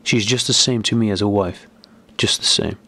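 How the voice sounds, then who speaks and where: A man's voice: on the low side, steady tone, brisk, bright, forceful tone. A man voicing a gaunt, sickly man who is angry, suspicious and abrupt, in an audiobook. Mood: agitated.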